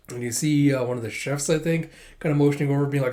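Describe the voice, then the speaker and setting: A man's voice: on the high side, steady tone, fast, warm tone. A man casually reading a manga chapter aloud and commenting on it, laughing readily. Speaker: manga reader and reactor. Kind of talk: casual read-along commentary.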